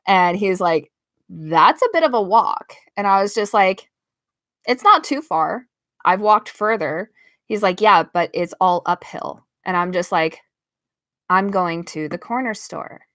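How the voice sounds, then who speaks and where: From her bedroom in Las Vegas, a young woman live-streams a story to her chat using the microphone at her desk, laughing often and mimicking others' lines. She speaks at a measured pace in a mid-range, slightly bright voice. The recording is dry and studio quality.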